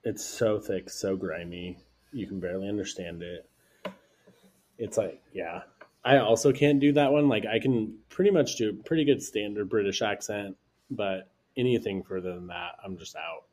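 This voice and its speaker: A man with a low, slightly husky voice co-hosts a podcast in a loose, rambling chat. He strings his thoughts together with plenty of fillers. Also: normal speed, a little mellow. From United States. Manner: chatty, rambling, many fillers. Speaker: podcast co-host. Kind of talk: casual chat.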